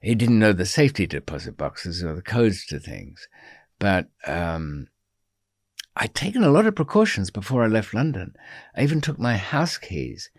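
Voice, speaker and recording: A man with a fairly low voice spins a long story as a podcast guest, wandering off into wry asides and filling pauses with ums. The sound is close and dry, with no room echo. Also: big pitch swings. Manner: rambling and digressive, many ums, wry asides. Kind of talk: storytelling in an interview.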